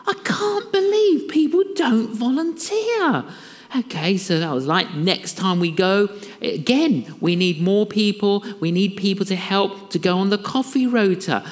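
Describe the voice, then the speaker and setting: A preacher, telling a story from the pulpit and acting out the dialogue with laughter. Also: medium pitch. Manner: animated, acts out dialogue with laughter. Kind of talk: storytelling sermon. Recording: long reverb of a large hall.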